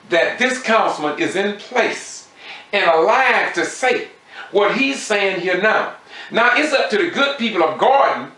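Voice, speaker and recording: Man, impassioned citizen commentator, bright high voice that swings widely, echoey room. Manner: impassioned, repetitive, preacher-like emphasis. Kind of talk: emotional commentary over meeting footage.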